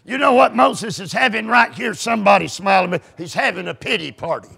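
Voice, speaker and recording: High, gravelly preacher shouting fervently. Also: male voice, expressive, a little fast. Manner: fervent, often shouting, folksy. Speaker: pastor. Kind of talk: sermon.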